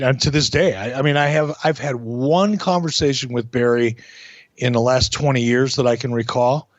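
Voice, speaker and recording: Middle-aged male podcast host: dry and slightly dull recording, animated, halting and profane. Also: medium pitch, dry recording. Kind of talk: casual podcast chat.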